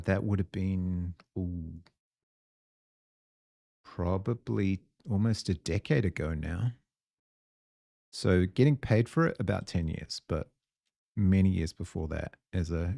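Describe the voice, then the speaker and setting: A New Zealand man in his forties thinks aloud while coding on a live stream, chatting casually with viewers. His voice is low, creaky and dark, captured in studio quality with no echo.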